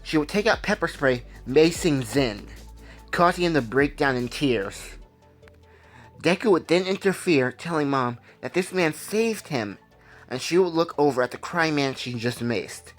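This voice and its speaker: A man telling an improvised fan story in an easygoing, conversational way. He rambles and corrects himself mid-sentence, with soft music playing behind his voice. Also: a little high, animated, a little slow.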